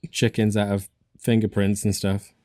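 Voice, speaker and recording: A man's voice: lowish voice, level tone, moderate pace, a little mellow, dry recording, studio quality. An English man hosting a podcast, telling stories in a joking, playful casual chat. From England. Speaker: podcast host.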